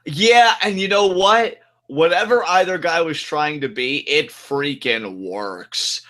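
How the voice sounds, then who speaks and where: A man co-hosting a podcast in casual, excitable chat, full of "like" and "dude". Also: a little high, takes it slowly. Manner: excitable, loose, peppered with "like" and "dude". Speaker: podcast co-host.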